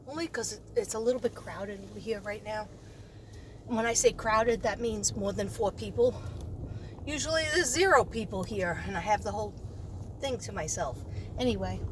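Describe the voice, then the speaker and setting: A middle-aged woman vlogging from her car, rambling in a scattered, self-mocking way. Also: fairly high pitch. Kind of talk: rambling casual vlog chat. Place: inside a parked or moving car. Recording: car noise behind the voice.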